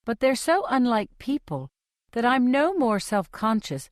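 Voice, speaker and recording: A young adult woman reading a novel aloud in measured, clearly separated sentences. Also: a little high, sing-song, dry recording, studio quality. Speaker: audiobook reader. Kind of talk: scripted audiobook narration.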